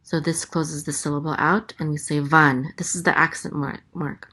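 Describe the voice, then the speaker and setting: A woman teaching a language lesson, sounding out letters and vowels slowly and carefully, with frequent hesitations. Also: low-pitched, steady tone, pushed and bright, husky. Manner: hesitant, many ums, slow careful sounding-out. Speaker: Hebrew teacher. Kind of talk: casual teaching, spelling out letters.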